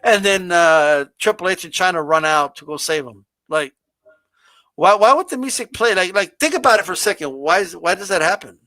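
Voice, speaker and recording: A man with a high, bright voice argues in a casual wrestling debate, piling on "like" and "bro" and slowing down to mock stiff, memorized lines. The sound is close and dry, with no room echo. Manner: animated, mocks stilted delivery, lots of "like" and "bro".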